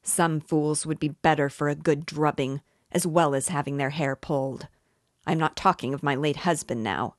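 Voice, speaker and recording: A woman's voice: deep voice, fairly even intonation, normal speed, a little mellow, no echo, studio quality. A woman reading as a proud, bitter widow. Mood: indignant. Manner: haughty and indignant, raising her voice. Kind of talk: reading a novel aloud.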